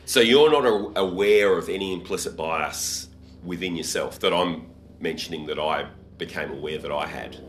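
A man's voice: low-pitched, moderate pace, fairly bright tone. A man hosting a podcast, chatting casually and thinking aloud with frequent restarts. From Australia. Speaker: podcast host. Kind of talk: casual conversational interview.

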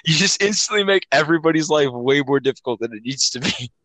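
Bright-voiced young man, dry close mic. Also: on the high side, lively intonation, fast, dry recording, poor audio. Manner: laid-back, laughs while talking. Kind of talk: casual podcast chat.

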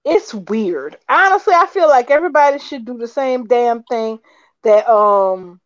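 A woman co-hosting a soap opera chat show, recapping episodes with animated retellings and acted-out quotes. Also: fairly high pitch, unhurried. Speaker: soap opera podcast co-host. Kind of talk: casual chat. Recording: dull lo-fi audio.

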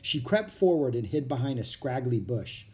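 Animated, mellow children's book reader. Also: mid-range voice, moderate pace. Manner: expressive, animated reading. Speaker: audiobook reader. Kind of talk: children's storybook narration.

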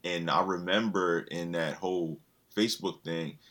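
Man, low-pitched, casual chat, animated storytelling, profane slang. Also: moderate pace.

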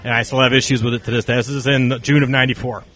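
Very fast and mid-range in pitch, this man's voice carries long stories told in casual conversation. He is an interview guest from North Carolina who animatedly performs the characters' dialogue.

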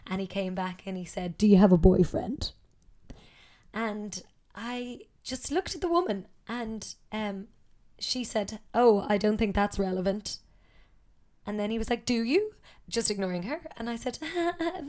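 A woman's voice: medium pitch, warm tone. A woman telling a personal story in a conversational way, with frequent ums and self-corrections.

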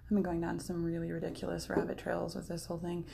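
A woman's voice: fairly low pitch, completely flat delivery, fast talker, creaky, mellow, slight background noise. A young woman co-hosting a podcast, chatting casually and laughing often. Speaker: podcast co-host. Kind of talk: casual chat.

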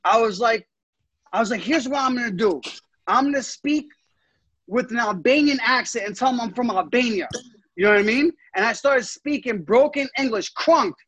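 A man's voice: very high voice, animated, moderate pace, a bit bright, breathy edge, no echo, lo-fi sound. A man co-hosting a casual podcast chat, telling stories with animation, cutting in and swearing. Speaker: podcast co-host.

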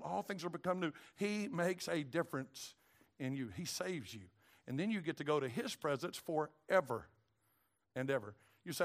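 Male pastor, middle-aged, high voice, gravelly edge, sermon delivery, shifts from hushed to shouting. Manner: preaching with rising shouts on key phrases; drops to a low, quiet tone for serious points.

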